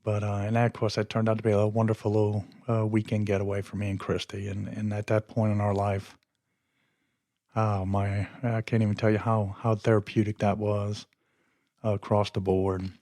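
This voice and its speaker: Flat-toned man rambling through a story. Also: lowish voice, moderate pace, no echo, studio quality. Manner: rambling and conversational, often losing his train of thought. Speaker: podcast host. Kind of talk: casual storytelling monologue.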